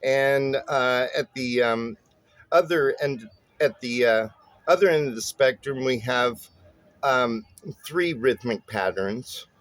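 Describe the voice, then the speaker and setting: Man, bass teacher, relaxed lesson, chatty with fillers, medium pitch, dry close sound. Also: no echo. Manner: relaxed and chatty, many "uh" and "um" fillers, chuckles at his own jokes. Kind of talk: casual spoken lesson.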